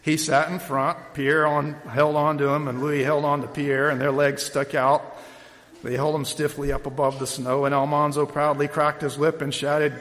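A man opens his sermon by reading a story, his voice sitting a bit high for a man. He tells it with lively energy and shouts the calls loudly, then slips into relaxed talk with a few fillers. The sound carries a long reverb, as in a large hall. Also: normal speed. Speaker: preacher. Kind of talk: sermon opening with a story read aloud.

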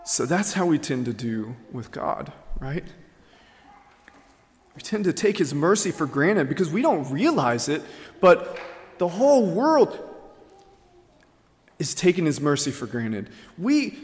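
A man's voice: fairly high pitch, sing-song, a little slow, pauses often, a little mellow, long reverb tail. A man preaching a sermon, telling a story earnestly with many ums and uhs. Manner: earnest storytelling with frequent fillers.

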